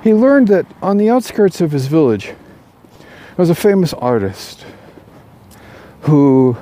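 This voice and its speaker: A man telling a parable aloud, unscripted, with halting restarts and fillers. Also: a little high, sing-song, warm tone. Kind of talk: oral storytelling of a parable.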